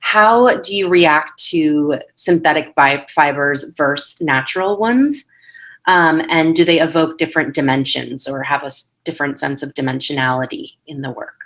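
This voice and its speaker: Measured woman moderator, very low voice. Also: fairly bright tone. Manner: measured questioning. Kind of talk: panel moderation.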